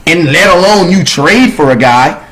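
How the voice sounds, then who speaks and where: A man's voice: fairly high pitch, animated, normal speed, fairly bright tone, poor audio. A man co-hosting a sports talk show in casual chat, rambling with lots of fillers. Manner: rambling, filler-heavy, emphatic.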